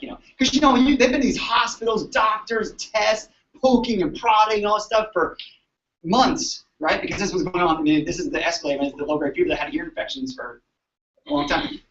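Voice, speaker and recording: A man, a chiropractor, telling patient stories to colleagues in an animated, chatty way, often asking "right?". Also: high voice, normal speed. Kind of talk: storytelling talk to an audience. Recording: echoey room, distant dull mic.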